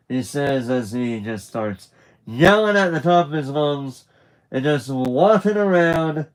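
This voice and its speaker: A man with a medium-pitched, expressive voice reads a graphic novel aloud on a live stream at a measured pace. He's loose and chatty, restarting lines, tossing in asides, and laughing. The recording is rough.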